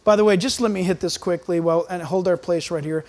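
A man preaching a sermon as pastor, emphatic and animated, acting out quoted voices. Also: high voice, a little fast.

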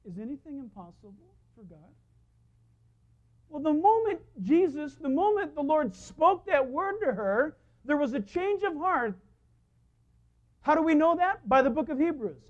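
A man preaching a sermon as a pastor, telling stories in an animated way and acting out the voices of the people he quotes. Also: very high voice, a little slow. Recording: dull lo-fi sound.

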